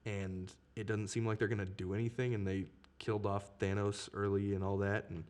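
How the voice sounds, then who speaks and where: A young man guesting on a podcast, telling stories about movies in a relaxed, enthusiastic way. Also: on the low side, a little fast. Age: young adult. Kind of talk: casual chat.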